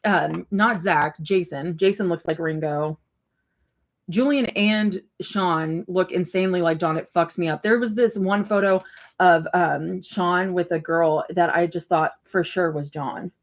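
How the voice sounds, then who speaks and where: A woman's voice: lowish voice, measured pace. A woman hosting a casual livestream and chatting loosely as she reacts to viewer comments, rambling with lots of fillers and the odd swear. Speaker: livestream host.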